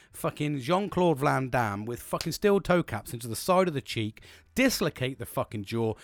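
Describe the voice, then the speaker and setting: A middle-aged man with a British accent speaks openly in a personal podcast monologue, blunt and full of swearing. His pitch sits in the ordinary middle range. The sound is close and dry, with no room echo. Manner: frank, heavy swearing, emotional and reflective. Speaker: podcast host.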